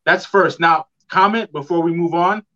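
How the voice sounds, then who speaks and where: A man in a casual podcast chat who pauses to search for names and words. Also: high voice, pushed and bright. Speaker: podcast guest. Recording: dull lo-fi audio.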